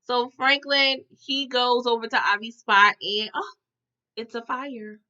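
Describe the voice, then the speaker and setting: A lively woman talks her way through a TV episode recap, chatty and expressive. Her voice sits fairly high and sounds bright and forceful. The audio is a little dull, like a lo-fi recording. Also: a little slow. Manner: animated, chatty, addresses viewers as y'all. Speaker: TV recap vlogger.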